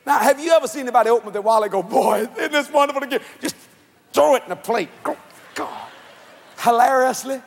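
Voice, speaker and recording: A man preaching a sermon to a convention crowd, shouting and swinging his pitch up and down. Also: fast, slight background noise. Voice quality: husky. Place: large church or convention hall. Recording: long hall reverb.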